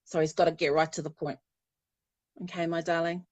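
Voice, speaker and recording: New woman, spiritual medium, chatty and warm-hearted, laughs a lot, dry close sound. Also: deep voice, little pitch movement, brisk, no room sound. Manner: chatty, affectionate, laughs often. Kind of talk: live psychic reading.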